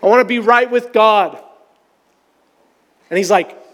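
A man's voice: high-pitched, takes it slowly, long pauses, a bit bright, big-room sound. A man preaching a sermon, telling a personal story in a candid, conversational, self-deprecating way. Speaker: pastor.

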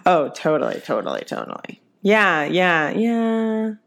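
A woman with a somewhat low voice co-hosting a casual theatre podcast. She is easygoing and agreeable. She keeps the talk going with quick affirmations and light laughter. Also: big pitch swings, creaky, fairly bright tone. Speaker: podcast co-host. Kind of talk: casual chat about musical theatre.

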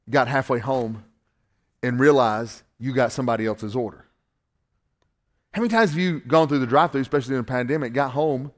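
A man with a Southern accent from Northwest Georgia, preaching a sermon in a folksy, animated, joking way. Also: on the high side. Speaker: pastor.

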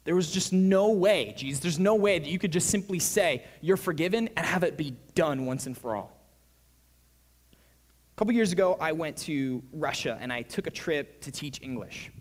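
A young man preaching a sermon, telling a personal story in a casual, lively storytelling manner. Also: fairly high pitch, normal speed, long reverb tail. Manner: casual, storytelling, acts out quoted voices.

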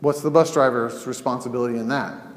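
A man's voice: medium pitch, steady tone, brisk. A male counselor teaching in a conversational way, telling scenarios and asking rhetorical questions. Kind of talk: teaching podcast talk. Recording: echoey room with long reverb.

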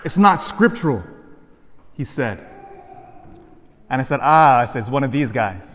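A man's voice: mid-range voice, moderate pace, fairly bright tone, big-room sound. A man, a Catholic priest, giving a sermon and telling a personal story, acting out both sides of a conversation.

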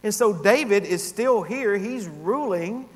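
A man preaches an expository sermon in a fairly high voice, teaching earnestly and building emphasis on his key points. His words ring out with a long reverb, as in a large church sanctuary. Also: animated, unhurried. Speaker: pastor.

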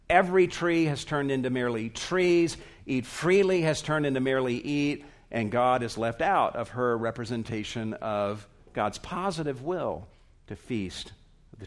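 A man preaching a teaching sermon, deliberate and emphatic, letting his voice drop low at the ends of phrases.

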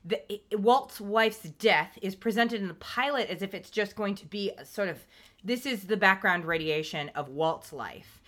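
A woman co-hosting a casual TV recap podcast, talking animatedly, swearing and acting out scenes in quick quoted asides. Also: medium pitch, lively intonation, fairly bright tone. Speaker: podcast co-host.

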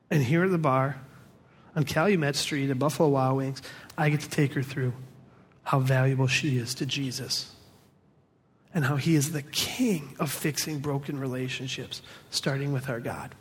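A man preaching a sermon as pastor, telling a story with lively quoted voices. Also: mid-range voice, moderate pace, breathy edge. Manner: storytelling, animated quoted voices, laughing audience.

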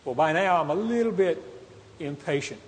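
High-voiced preacher telling a story. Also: male voice, normal speed, a little hiss or hum. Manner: animated storyteller, acts out meows and shouts. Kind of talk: storytelling sermon. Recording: hall reverb with faint ambience.

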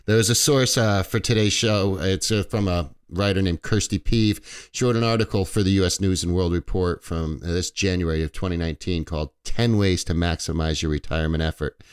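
A man hosting a financial radio show, slightly stuffy, explaining retirement investing in a relaxed way with fillers and small self-corrections. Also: deep voice, a little fast, hardly any pauses, clean tone. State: a little stuffy. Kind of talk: conversational radio talk.

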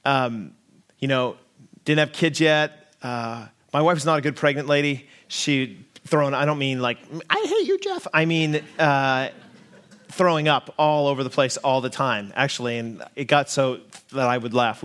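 A man's voice: mid-range voice, a bit bright. An American man in his forties, a lead pastor, telling a self-deprecating, humorous story to his congregation during a sermon. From United States.

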